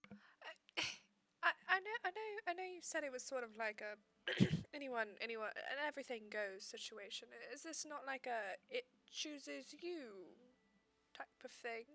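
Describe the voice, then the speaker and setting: A woman's voice: sits high, expressive, moderate pace, a bit bright, no echo. A woman playing in a tabletop game, asking questions hesitantly and restarting her sentences. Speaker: player. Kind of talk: tabletop role-play chat.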